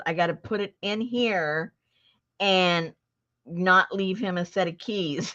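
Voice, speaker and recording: A middle-aged woman telling a story to a casual chat audience, laughing often. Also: mid-range voice. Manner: chatty, laughs often, animated retelling. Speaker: host. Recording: dull lo-fi sound.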